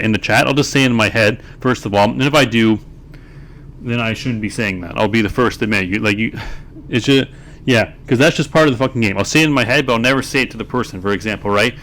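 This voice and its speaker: A man talking over a card game replay, his voice at an ordinary middle pitch. He rants with exasperation and swears freely, in the loose manner of a video creator. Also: fairly bright tone. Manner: profane, exasperated ranting. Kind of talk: replay commentary and rant.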